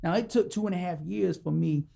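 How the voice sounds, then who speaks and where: A guest on a podcast interview tells a personal story with animated energy, acting out the dialogue as he goes. His voice is high and gravelly, and he speaks briskly.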